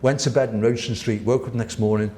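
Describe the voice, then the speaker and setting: Animated man telling stories. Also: mid-range voice, quick pace, slight background noise. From Wirral, England. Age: 60s. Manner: animated, laughing, swearing raconteur. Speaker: guest artist. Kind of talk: casual storytelling interview. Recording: roomy echo.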